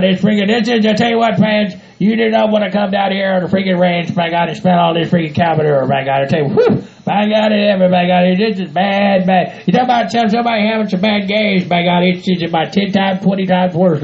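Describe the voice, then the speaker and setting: Gruff hillbilly rancher, voiced by a man, gravelly and high, cussing nonstop, lo-fi audio. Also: a little fast, few pauses, darkish tone. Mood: grumbling. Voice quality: gravelly, exaggerated country hick voice. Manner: grumbles, swears, keeps repeating "by God". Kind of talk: comedy audio skit. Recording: dull lo-fi home recording.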